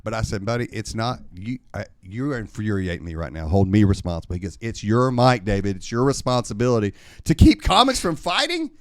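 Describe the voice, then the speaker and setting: A man with a lowish voice spins animated, swear-laced stories as a comedian on a podcast. He is recorded close and dry in a studio. His delivery is loose and conversational. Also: fairly quick, no room sound. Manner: animated, profane storyteller. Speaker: comedian and open mic host. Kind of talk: casual podcast storytelling.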